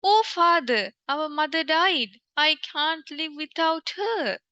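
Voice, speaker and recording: A woman's voice: sits high, fairly even intonation, takes it slowly, sharp tone, dry recording, lo-fi sound, exaggerated voice. A woman voicing a young son who cries out in a raised, wailing storybook voice. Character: young son, grieving on cue.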